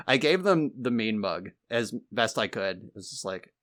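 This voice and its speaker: Low-voiced man telling wry stories. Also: fairly quick, fairly bright tone. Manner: wry, exasperated, swears freely. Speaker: podcast co-host. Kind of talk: casual storytelling chat.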